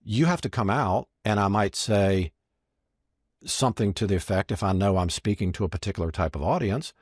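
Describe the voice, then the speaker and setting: A man with a lowish, slightly rough voice speaks fairly quickly in a clean studio recording with no room sound. He's a magician and marketing strategist guesting on a podcast, a lively storyteller who performs the lines he quotes.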